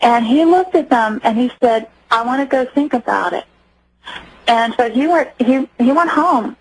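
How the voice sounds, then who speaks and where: A woman giving personal testimony as a radio interview guest, earnest and halting, often restarting her sentences. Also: a little high, expressive, breathy edge, rough recording.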